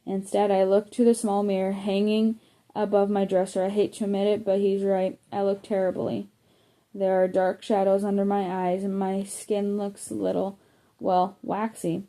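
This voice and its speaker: A woman reads a first-person chapter book aloud, her voice flat and even. The tone is soft and mellow, and she now and then stumbles and corrects a word. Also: mid-range voice, normal speed. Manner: plain, even reading with small slips and self-corrections. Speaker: audiobook reader. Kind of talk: first-person audiobook narration.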